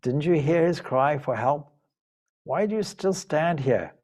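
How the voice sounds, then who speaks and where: A man's voice: animated, a little slow, a little mellow. A man voicing a distraught young princess from an epic, pleading and then hurling accusations. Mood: frantic. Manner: pleading, pitch rising high in agitation.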